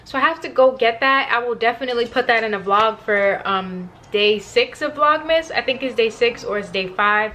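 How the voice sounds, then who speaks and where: A woman's voice: on the high side, moderate pace, few pauses, sharp tone, slight background noise. A woman in her twenties chatting casually in a vlog from her bedroom, rambling with lots of ums and likes. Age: 20s. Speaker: vlogger. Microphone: compact camera in front of her.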